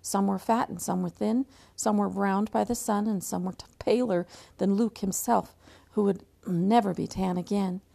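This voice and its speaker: A woman's voice: medium pitch, fairly even intonation, moderate pace, gravelly, mellow. A woman teacher reading a novel aloud, with frequent slips and restarts.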